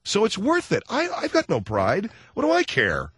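A man's voice: sits high, normal speed, husky, no echo. A man hosting a talk radio show, brash and jokey, acting out little scenes, on a studio microphone. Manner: brash, jokey, animated storyteller who acts out voices. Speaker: radio host. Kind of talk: casual talk radio monologue.

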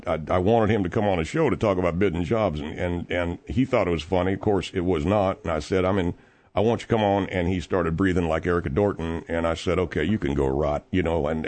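Man doing a low-voiced, rambling middle-aged construction boss, petty and stammering, radio comedy bit. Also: darkish tone, close to an everyday voice. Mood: aggrieved. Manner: rambling, stammering, easily aggrieved. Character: blustering male concrete contractor, petty and long-winded. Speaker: guest host filling in on a radio show. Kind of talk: comedic radio call-in monologue.

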